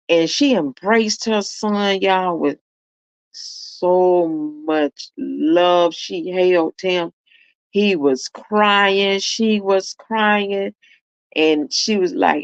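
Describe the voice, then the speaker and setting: Talking straight to her viewers and calling them "y'all," a woman commentator reacts to a video and tells a story casually. Her voice is on the low side and smooth, with drawn-out words, and the recording is lo-fi with no room sound.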